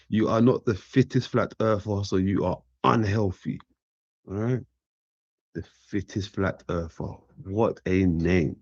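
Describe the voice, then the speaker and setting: A man's voice: fairly low pitch, a little mellow, dry recording. A man talking in a casual, laid-back monologue. He often repeats phrases and keeps asking "right?". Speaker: commentator. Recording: dull lo-fi dry sound.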